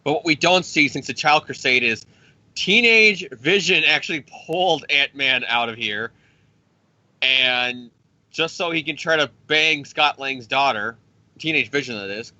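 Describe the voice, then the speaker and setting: A man's voice: medium pitch, sharp tone, no echo, lo-fi sound. A man casually recapping a comic storyline, rambling and profane, and briefly voicing the characters as he goes. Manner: rambling, profane, acts out characters in quick impressions. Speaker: comic book podcast host.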